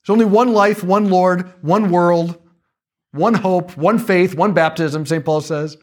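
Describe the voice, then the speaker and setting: A man giving a casual, conversational talk on faith, animated, with jokey asides. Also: sits high, a little slow.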